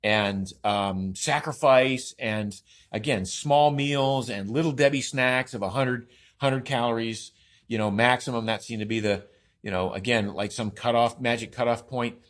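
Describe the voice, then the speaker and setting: A man in a relaxed podcast conversation, speaking at an ordinary middle pitch. He explains with enthusiasm, piling up long lists and circling back with restarts and fillers. His delivery stays emphatic and persuasive. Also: unhurried. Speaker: podcast guest, co-author of a diet book.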